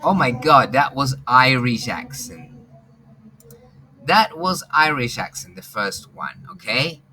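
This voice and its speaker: Teacher, male, bright forceful voice, repetitive, animated, light background hiss. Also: mid-range voice, slow, poor audio. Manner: repeats instructions, animated, laughs often. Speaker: language teacher. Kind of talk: online class instruction.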